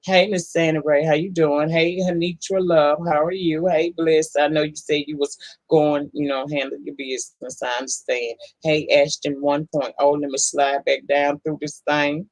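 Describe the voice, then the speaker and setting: A woman's voice: deep voice, fairly even intonation, moderate pace, dry recording, poor audio. A woman hosting a casual live-stream, greeting viewers one by one in a folksy, affectionate way. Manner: folksy, affectionate, calls people honey and baby. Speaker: livestream host.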